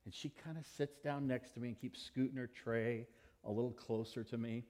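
A middle-aged man preaching a sermon as pastor, telling stories and acting out children's questions in lively quoted voices. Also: medium pitch, fairly quick. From United States.

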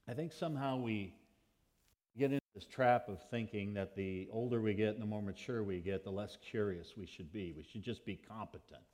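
A middle-aged man preaching a sermon as pastor, telling stories and acting out children's questions in lively quoted voices. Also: fairly low pitch, moderate pace. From United States.

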